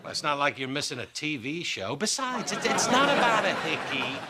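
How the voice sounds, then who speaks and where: A man's voice: on the high side, very animated, normal speed, heavy background noise. An actor playing a sarcastic, wisecracking middle-aged father in a sitcom. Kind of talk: multi-camera sitcom acting.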